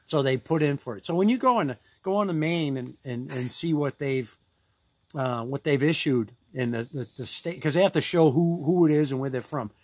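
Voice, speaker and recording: A man in a casual podcast chat, his voice sitting a bit higher than most. He talks loosely, restarting phrases and laughing often, recorded close and dry with no room sound. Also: moderate pace, husky, no room sound. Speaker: podcast co-host.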